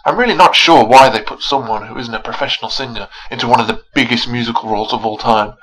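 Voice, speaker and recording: Husky sarcastic man reviewing films. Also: mid-range voice, fast, poor audio. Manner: sarcastic, animated, mocking. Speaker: film reviewer. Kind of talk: scripted video review narration.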